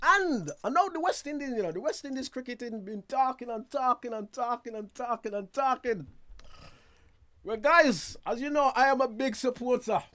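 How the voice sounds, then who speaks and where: A man hosting a casual news roundup from a studio, chatty and quick to laugh at himself, with asides to his viewers. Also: very high voice, lively intonation, sharp tone. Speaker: news show host.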